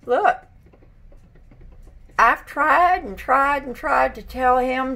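Brief: woman vlogger, giggly and folksy, slightly high, unhurried delivery. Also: creaky, bright, forceful tone. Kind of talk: casual home vlog chat. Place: indoors at home.

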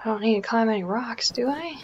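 A woman's voice: on the high side, quick pace, lo-fi sound, slight background noise. A Canadian woman giving casual, self-mocking commentary over a video game, often dropping to a whisper while sneaking. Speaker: let's play gamer.

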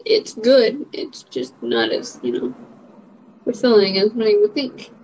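A woman's voice: mid-range voice, sing-song, measured pace, a little mellow. A young adult woman in a casual vlog, answering question prompts in a rambling, frank way with lots of fillers. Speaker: vlogger. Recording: dull lo-fi audio.

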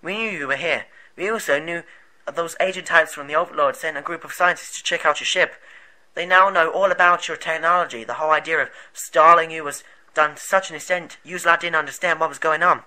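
A man's voice: fairly high pitch, brisk, sharp tone, rough recording. A man voicing an earnest male rebel group leader who explains things at rambling length, in an amateur movie.

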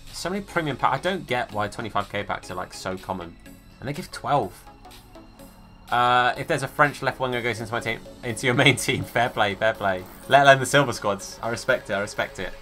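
Bright-voiced man chatting on a stream. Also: medium pitch, animated, fairly quick, soft background music. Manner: chatty, greets viewers by name, hypes the chat. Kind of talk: live gaming stream chat.

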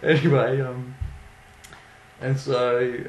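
A young man recounts a story in a loose, casual way, chuckling and poking fun as he goes. His voice sits at an ordinary pitch, and he talks at an unhurried, drawn-out pace. The recording is roomy and echoey, with a faint hum of ambience behind him. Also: level tone, a little mellow. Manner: amused, laughing often, mocking. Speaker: vlogger. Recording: echoey room with faint background noise.

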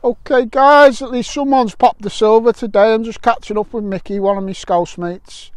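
A man's voice: high voice, fairly even intonation, normal speed, no room sound. Jokey English man chatting outdoors. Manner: jokey and chatty, laughing often. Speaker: vlogger at a metal detecting rally. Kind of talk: casual vlog chat. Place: fields outdoors. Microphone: camera mic, wind noise at times.

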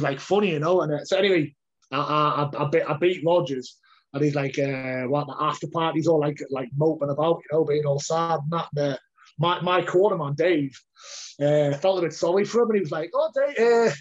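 A man, a heavyweight fighter telling a long story in a casual interview, rambling and repeating words. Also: a little high. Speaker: heavyweight MMA fighter, guest. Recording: dull lo-fi audio.

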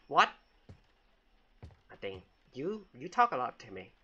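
A man's voice: medium pitch, huge pitch swings, measured pace, sharp tone, slightly rough. A man giving jokey, casual commentary while playing a game and talking back to it with frequent exclamations. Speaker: gamer.

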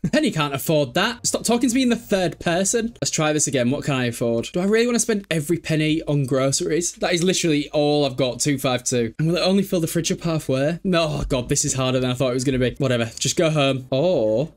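A man with a slightly high voice talking through a life-sim game in a loose, chatty way. He sounds exasperated with his characters, scolds them, swears and laughs at them as he plays. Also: lively intonation, fast talker. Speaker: gameplay commentator. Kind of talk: casual gameplay commentary.

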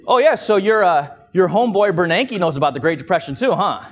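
A man's voice: high-pitched, expressive, fairly quick, noisy background, voice pushed up. A man putting on a slangy, chatty young cab driver. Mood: teasing. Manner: casual slang, teasing.

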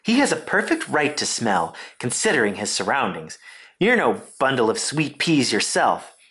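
A man voicing a calm, wise female spider in a storybook, steady and reassuring. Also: medium pitch, moderate pace, husky, exaggerated voice. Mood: sharp.

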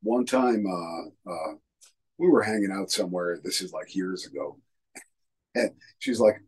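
A middle-aged man co-hosting a casual chat show, telling a story haltingly with many fillers and chuckles. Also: deep voice, slightly rough, poor audio. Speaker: podcast co-host.

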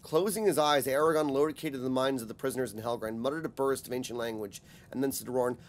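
A man narrating a fantasy audiobook in a measured, steady reading voice. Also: mid-range voice.

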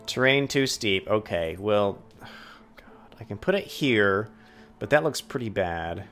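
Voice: medium pitch, lively intonation, takes it slowly, a bit bright, faint music behind. A let's play host doing gaming commentary, ranting at the game and talking to it as if it were a person.

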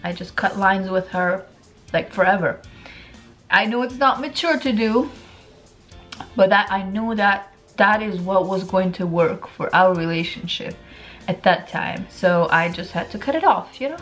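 A woman in a casual vlog, chatting to her viewers at a middle pitch. She talks with her mouth full and keeps repeating her points for emphasis. Soft background music plays under her voice. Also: unhurried, low-quality recording. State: eating while talking. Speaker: lifestyle vlogger.

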